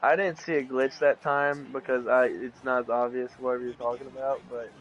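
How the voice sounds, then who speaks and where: A young man casually commentating a football video game, rambling with restarts and sudden excited bursts. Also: medium pitch, fairly quick, lo-fi sound. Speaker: play-by-play commentator.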